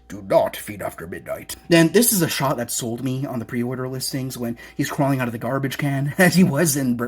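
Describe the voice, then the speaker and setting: An excitable reviewer chats through an unboxing at home, gushing and rambling into asides. The voice is a bit husky, and the pitch bounces all over with enthusiasm. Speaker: collectibles reviewer. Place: home apartment.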